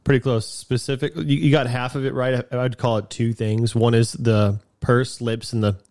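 A man's voice: mid-range voice, level tone, normal speed, darkish tone, dry recording, studio quality. A man co-hosting a podcast in casual chat, telling stories and acting out quotes with laughter. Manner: storytelling, laughs often, acts out quotes. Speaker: podcast co-host.

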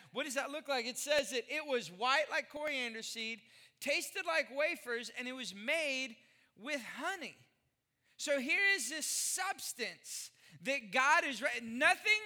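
A man from Texas preaches a sermon with a strikingly high and very bright voice. He is middle-aged, animated and jokey, and he tells stories and fires off rhetorical questions. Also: unhurried. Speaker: pastor.

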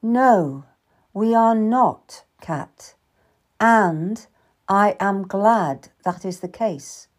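A woman's voice: mid-range voice, very slow. A woman reading an earnest young Tudor suitor. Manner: calm, tender and earnest.

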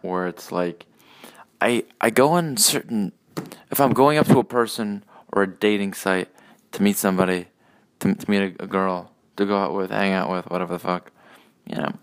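A young man rambling through a personal rant, swearing often and halting with restarts and fillers. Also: fairly low pitch, vocal fry, fairly bright tone. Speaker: solo podcast host.

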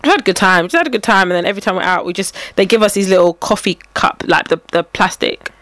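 A woman's voice: mid-range voice, fast talker, fairly bright tone, dry recording. A young woman, casually telling a story on a podcast, acting out quotes and laughing often. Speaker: podcast co-host. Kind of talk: casual chat.

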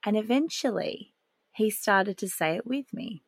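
A woman, hosting a solo podcast and speaking in a calm, earnest, reflective way. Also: mid-range voice, unhurried, creaky, slightly rough, no echo, clean studio sound. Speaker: podcast host.

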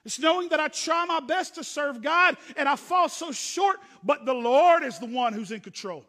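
Speaking at a normal pace, a pastor delivers an expressive sermon from the pulpit, alternating forceful, emphatic passages with quiet, hushed asides. His voice is bright and very high. The sound carries the lengthy reverb of a big church hall.

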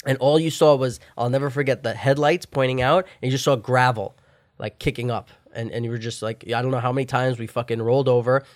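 A young man in casual chat, telling a long story full of swearing and filler words and shouting out the lines he once said. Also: mid-range voice, steady tone, fast talker, no room sound. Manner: profane, rambling storytelling with loud acted-out shouts.

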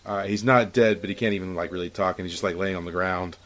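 A man's voice: deep voice, fairly even intonation, a bit bright. A man narrating a tabletop game as game master, hesitant and full of fillers. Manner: halting, filler-heavy narration.

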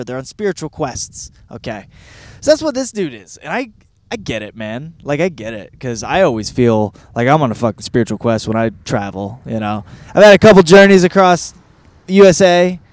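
A man's voice: medium pitch, very animated, moderate pace, a little mellow. A man in his thirties from Michigan, hosting a podcast and reviewing a book in a rambling, profane, self-deprecating monologue. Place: California.

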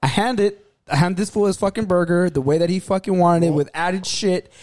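A man's voice: high-pitched, brisk, a little mellow, no room sound, studio quality. A young man telling a profane, laughing story among friends and acting out the voices of the people in it. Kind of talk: casual storytelling.

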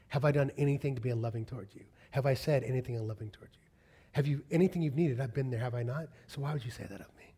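A male pastor preaching a sermon with passion, rising to loud peaks and dropping to hushed whispers. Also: mid-range voice, racing, husky.

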